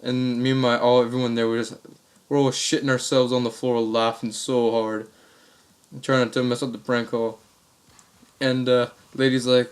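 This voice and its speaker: A man's voice: mid-range voice, level tone, moderate pace. A young man vlogging, telling funny stories in a casual, rambling way full of crude slang. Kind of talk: casual comic storytelling.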